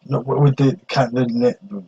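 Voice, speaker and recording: Husky man rambling about films. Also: medium pitch, normal speed, dark tone, highs cut off. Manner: rambling, casual swearing, many restarts. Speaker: podcast host. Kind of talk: casual film chat.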